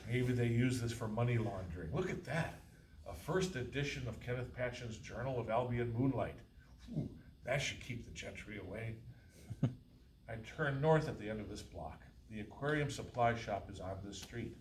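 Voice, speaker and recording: A man's voice: mid-range voice, normal speed. Man reading his novel aloud, dry and wry. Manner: dry, wry delivery with occasional chuckles. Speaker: author reading his fiction. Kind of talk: live reading of a first-person novel. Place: college faculty reading room. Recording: roomy, distant, faint hiss.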